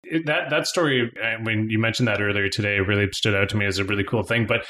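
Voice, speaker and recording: A man's voice: fairly low pitch, steady tone, fast, pushed and bright. Friendly male podcast host. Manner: encouraging, laughs along. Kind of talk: casual interview.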